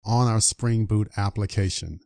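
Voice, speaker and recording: A man's voice: on the low side, normal speed, a little mellow, no echo. A man teaching programming in a screen-recorded coding tutorial, upbeat and walking through each step aloud. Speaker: programming instructor.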